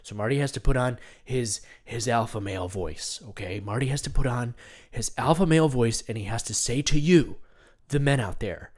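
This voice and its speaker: A man's voice: medium pitch, lively intonation, fairly quick, a little mellow. A man hosting a comedic self-help monologue, earnest and soothing, talking about himself in the third person.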